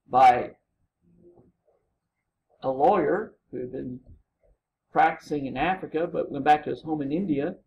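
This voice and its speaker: A man's voice: on the high side, vocal fry, muffled recording. A man lecturing a college humanities class, telling stories casually and acting out quotes, with frequent "right?" to the students.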